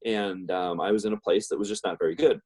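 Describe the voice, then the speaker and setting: A man's voice: low-pitched, fairly even intonation, quick pace, dark tone, breathy edge. A middle-aged man telling a personal story in a rambling way, with many fillers and restarts. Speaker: guest speaker.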